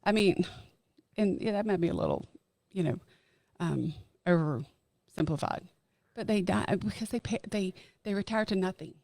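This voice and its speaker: A middle-aged woman talking as a podcast guest, earnest and emphatic, slowing down to stress her key points. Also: mid-range voice, animated, vocal fry, a little mellow, no echo. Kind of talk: casual chat.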